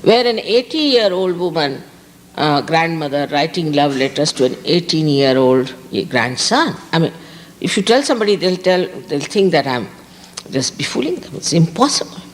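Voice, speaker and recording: Indian woman spiritual teacher, lively sing-song delivery, reverberant hall. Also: low voice, moderate pace. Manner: emphatic, repeats key words for stress. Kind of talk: public spiritual talk. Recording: reverberant hall, faint background hiss.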